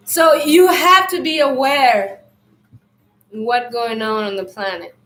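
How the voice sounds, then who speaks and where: A high-pitched woman talks loudly and loosely on a live stream, rambling through a spiritual message to her viewers. Her throat is irritated and she keeps clearing it. The sound carries a roomy echo. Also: steady tone, slow pace. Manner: loud, loose and rambling, speaks to viewers as family.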